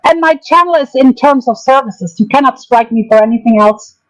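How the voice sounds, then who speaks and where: A woman rants on her own livestream. Her voice sits a little high, and she talks hotly and profanely. She repeats her jabs over and over to drive them home. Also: fairly quick, poor audio. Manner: angry, profane, repetitive ranting. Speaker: streamer. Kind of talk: livestream drama commentary.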